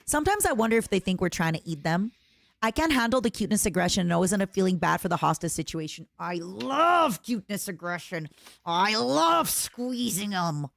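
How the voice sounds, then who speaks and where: A woman streamer chatting casually and reacting to clips, excitable and playful, squealing over cute things. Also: mid-range voice, fairly quick, vocal fry, no room sound.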